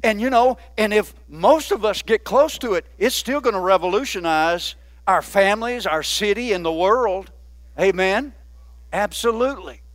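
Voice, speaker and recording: A man preaching a sermon, often asking the congregation "Amen?" and slowing down to stress key words. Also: sits high, no room sound. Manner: call-and-response preaching with frequent "Amen?". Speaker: pastor.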